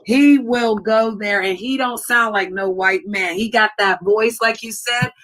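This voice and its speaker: Bright-voiced, swearing American woman streamer. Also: on the high side, a little slow, poor audio. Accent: African American English. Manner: loud, laughing, swears freely. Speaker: livestream host. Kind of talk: casual livestream chat.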